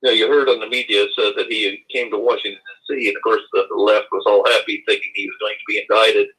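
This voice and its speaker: A man calling in to a casual chat show, halting and repeating himself, with religious turns of phrase, heard over lo-fi call audio. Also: fairly low pitch, flat delivery, fairly bright tone, slightly rough. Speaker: guest.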